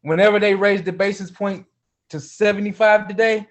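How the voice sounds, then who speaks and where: A man's voice: sits high, steady tone, moderate pace. A man speaking up as a group member on a casual livestream, earnest and emphatic, repeating his key points.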